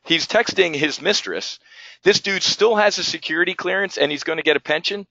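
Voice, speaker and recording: Man, heated ranting trading host, forceful bright voice, dull dry audio. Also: sits high, fairly quick, vocal fry, no echo. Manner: heated, ranting and repeating himself. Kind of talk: live market commentary.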